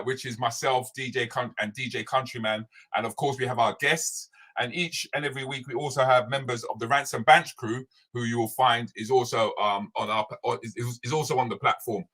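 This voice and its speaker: A man's voice: medium pitch, a bit bright. A man co-hosting a podcast, talking bluntly in casual banter with street slang. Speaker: podcast co-host.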